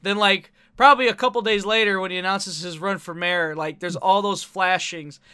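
A man's voice: high voice, steady tone, moderate pace, bright, forceful tone, clean tone. A young man chatting casually about a movie, laughing often and swearing freely as he retells scenes.

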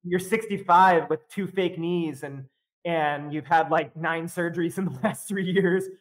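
A man with a fairly high voice for his sex chats as a podcast guest. He tells a loose, rambling story packed with fillers and laughter. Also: steady tone, unhurried. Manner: rambling, filler-heavy, laughs often while telling. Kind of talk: casual storytelling chat.

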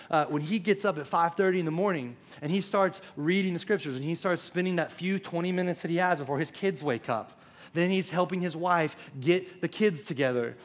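Young male pastor, slightly higher voice, easy conversational sermon delivery. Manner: conversational preaching, quick asides to the congregation. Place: church auditorium.

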